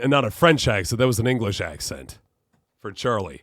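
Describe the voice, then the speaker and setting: Lively man thinking aloud over a game. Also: fairly low pitch, normal speed, soft background music. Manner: puzzling things out aloud, musing to himself. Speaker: streamer. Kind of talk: live gameplay commentary.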